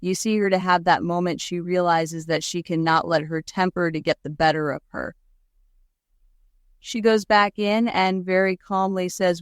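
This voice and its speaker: A woman's voice: lowish voice, steady tone, moderate pace, clean tone, no room sound, clean studio sound. A woman co-hosting a podcast, talking through a film adaptation in a chatty, reflective way. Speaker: podcast co-host. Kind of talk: casual chat.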